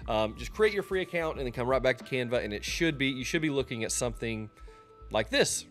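A man's voice: mid-range voice, lively intonation, brisk, fairly bright tone, faint music behind. Chatty man walking through a tutorial. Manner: chatty and loose, with frequent ums and restarts. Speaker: streamer teaching a software tutorial. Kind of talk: casual screen-recorded tutorial.

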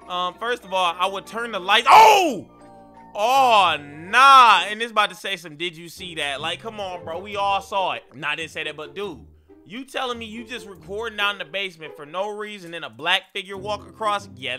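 Excitable high-voiced young man reacting. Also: a little fast, faint music behind. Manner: excitable, slangy, yelps and shouts at scares. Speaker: video reaction host. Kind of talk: reacting to scary videos.

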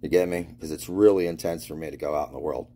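Speaking quickly in an extremely low, dark voice, a Florida man gives a meandering spiritual monologue as a vlogger. He keeps restarting and trailing off, swearing a lot and laughing his way through his stories.

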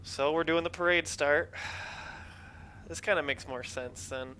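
Guy streaming a racing game, bright voice, chatting with chat while driving. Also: on the high side, a little slow, a little hiss or hum. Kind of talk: live gameplay commentary.

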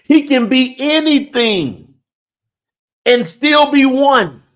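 A man's voice: very high voice, lively intonation, slow, fairly bright tone. A man preaching a sermon, reading scripture aloud and putting emphatic, direct questions to his listeners.

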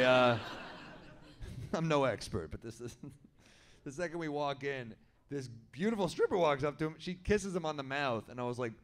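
A man telling a story in stand-up comedy at an indoor venue, with a wry, deadpan delivery. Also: a little high, a little fast.

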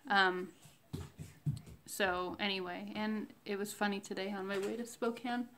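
Slow-talking woman with a gravelly fry. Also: medium pitch, flat delivery, fairly bright tone, a little hiss or hum. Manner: slow, reflective, devotional, with many fillers. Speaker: vlogger sharing a fasting diary. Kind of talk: casual spoken faith diary.

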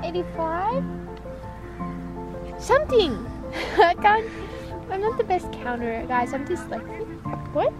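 A woman vlogging casually, giggly and excitable, reading aloud a little haltingly. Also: very high-pitched, over music. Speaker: vlogger, birthday girl. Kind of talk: casual vlog chat.

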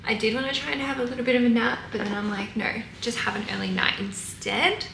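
A woman's voice: on the high side, fairly even intonation, quick pace, gravelly, a bit bright, echoey room, slight background noise, poor audio. An Australian woman chatting candidly in a casual travel vlog, swearing now and then, filmed on a handheld camera. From Melbourne, Australia. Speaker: vlogger. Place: hotel room and streets outdoors.

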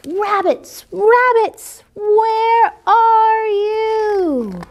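A woman voicing a hungry, huffy, growly little wolf boy who calls out in long, drawn-out howls. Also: extremely high pitch, lively intonation, lo-fi sound, pitched above the performer's own voice, heavily acted. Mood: howling.

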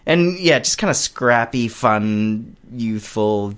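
Interview guest: a man, casual and animated, rambling answers that trail off. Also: medium pitch, slow pace, clear, resonant tone. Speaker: guest, puppet show creator.

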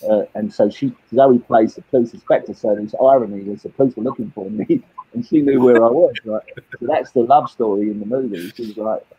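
Husky Cockney man in his late fifties. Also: medium pitch, fairly quick, dark tone, lo-fi sound. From England. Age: 50s. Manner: rambling, repeats words and restarts often. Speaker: guest. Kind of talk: candid personal storytelling.

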